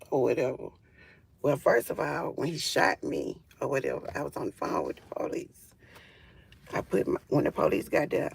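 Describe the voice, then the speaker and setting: A woman's voice: sits low, creaky, breathy edge. A woman telling her own story in a casual live stream on her phone, emphatic, with frequent fillers. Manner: emphatic, with frequent fillers like "or whatever" and "you feel me".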